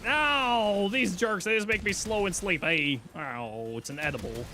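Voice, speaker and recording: A man streaming a video game live, chatting casually and reacting out loud, exclaiming and talking to himself as he plays. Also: sits high, unhurried, a little hiss or hum. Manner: animated, exclaiming and talking to himself while playing. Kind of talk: casual live gameplay commentary.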